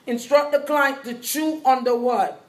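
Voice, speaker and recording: A woman's voice: high-pitched, fairly even intonation, measured pace. A woman teaching a live nursing exam review class, quizzing students and repeating key points. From Haiti. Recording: echoey classroom with faint ambience.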